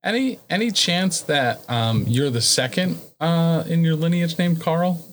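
A man's voice: a little high, measured pace, slight background noise. A man playing a tabletop game in casual chat, joking and teasing the others. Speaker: player.

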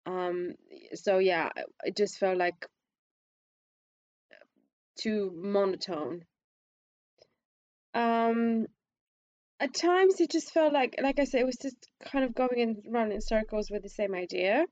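A woman with a squeaky voice giving her take on a film in casual chat, hesitant, with many restarts, her pitch climbing when she stresses a point. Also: takes it slowly, long pauses, darkish tone, dry recording, muffled recording. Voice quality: self-described squeaky voice.

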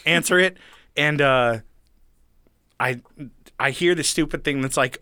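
A man's voice: fairly high pitch, a little slow, pauses often, clean tone, no echo, studio quality. A young man hosting a podcast, telling stories casually with sarcasm and swearing. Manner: sarcastic, swearing, animated storyteller. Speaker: podcast host. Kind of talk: casual chat, storytelling.

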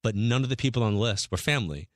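A man's voice: lowish voice, rapid-fire, dry recording, studio quality. A middle-aged man, a guest medium, telling long stories in casual chat and acting out the people he quotes. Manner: animated storyteller, acts out quotes. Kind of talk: casual storytelling.

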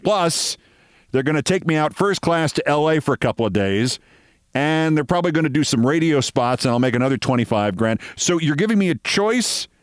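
A man's voice: on the high side, expressive, a little fast, no room sound, clean studio sound. Sardonic middle-aged man telling a story. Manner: wry, sardonic storyteller acting out both sides. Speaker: host. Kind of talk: storytelling monologue.

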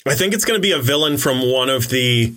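A man's voice: mid-range voice, expressive, fast, sharp tone. A young man co-hosting a casual podcast, telling stories and trading dry quips. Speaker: podcast co-host. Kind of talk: casual chat.

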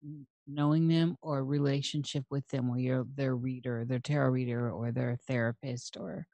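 A woman's voice: rumbling low, fairly even intonation, moderate pace, dark tone, dry recording. A woman hosting a casual conversation, thoughtful and earnest, swearing casually.

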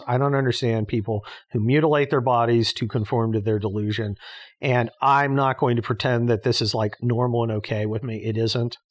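A man hosting a podcast in a casual monologue, talking bluntly and sarcastically, swearing often and restarting his sentences. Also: medium pitch. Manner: blunt, sarcastic, profane ranting with frequent restarts. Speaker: podcast host.

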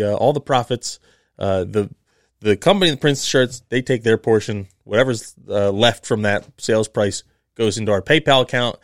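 A man co-hosting a podcast, chatting casually and telling stories with plenty of pauses and fillers. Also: fairly low pitch, no echo, clean studio sound. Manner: relaxed, halting storyteller with many fillers. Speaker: podcast co-host. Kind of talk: casual chat.

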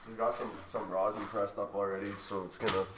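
A man's voice: lowish voice, flat delivery, a little fast, roomy sound, background noise. A man co-hosting a casual smoking livestream from a garage, loose and joking, swearing freely. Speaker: co-host of a smoking stream.

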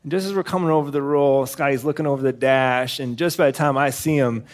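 A man's voice: mid-range voice, fairly even intonation, fast. A man telling a long hunting story on stage at a live podcast show, rambling with lots of "uh" and laughter. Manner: rambling anecdote full of "uh" and laughter. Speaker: podcast co-host.

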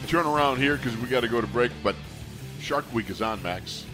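A man's voice: medium pitch, expressive, brisk, over music. A man co-hosting a sports radio show, talking in a rambling, easygoing way. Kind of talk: casual sports radio chat.

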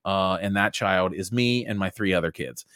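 A man in his thirties hosting a casual podcast, rambling loosely and saying "dude" and "boom" all the time. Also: normal speed, a bit bright, clear, resonant tone, dry recording, clean studio sound. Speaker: podcast host.

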